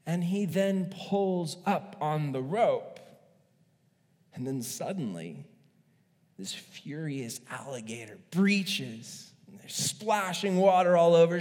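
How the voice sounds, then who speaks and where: A male pastor preaching a sermon in an animated, joking way, acting out stories as he goes. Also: a little high, long reverb tail.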